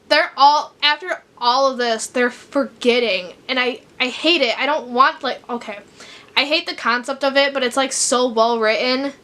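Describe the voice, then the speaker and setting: Bright-voiced young woman, rambling chatter. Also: on the high side. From Chicago, USA. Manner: rambling, frequent fillers like "like". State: teary, crying at times. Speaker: book vlogger. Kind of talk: casual vlog chat.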